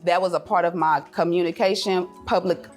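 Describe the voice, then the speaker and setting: A woman giving a passionate, faith-filled motivational speech to a live audience, emotional at times and slipping into lively voices when she quotes her children. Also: fairly quick, soft background music. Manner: passionate and preachy, mixing faith with business advice; swings into high, laughing voices when quoting her kids and herself. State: emotional, near tears at times. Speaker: event speaker. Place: event room with an audience.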